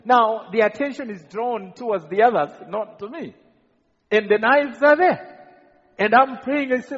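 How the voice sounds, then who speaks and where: Man from rwanda preaching his testimony, kinda high and husky, long echo, muffled sound. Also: animated, a little slow. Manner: earnest, repeats words when stumbling. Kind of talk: sermon testimony to a congregation. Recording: dull, reverberant hall recording.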